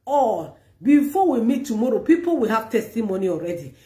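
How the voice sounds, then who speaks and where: A woman's voice: fairly high pitch, very animated, fast, mellow. A woman pastor preaching and leading prayer, urging listeners with fervent, repetitive exhortations. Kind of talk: sermon with prayer. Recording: echoey room.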